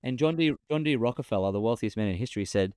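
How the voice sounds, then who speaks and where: A man talking as a podcast guest over a remote call, an animated storyteller who often repeats himself. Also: medium pitch, fast talker, clear, resonant tone, no room sound. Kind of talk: casual interview talk.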